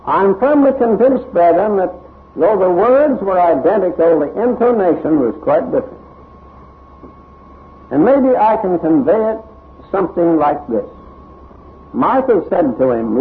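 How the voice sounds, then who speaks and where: A man preaching a sermon, reading scripture aloud with dramatic emphasis. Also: sits high. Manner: expressive, dramatic emphasis, unhurried delivery. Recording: tinny narrow-band recording.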